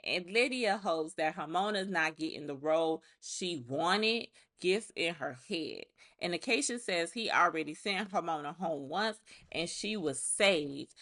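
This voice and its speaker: A woman's voice: lowish voice, vocal fry, a bit bright. A woman giving a casual recap of a reality show, talking in a blunt, chatty way, full of profane asides.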